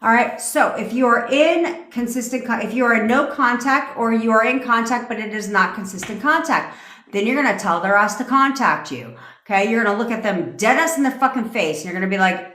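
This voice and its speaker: A woman's voice: fairly high pitch, expressive, a little fast, fairly bright tone. A woman manifestation coach in a livestream rant, blunt and profane, talking in a commanding way. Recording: echoey room.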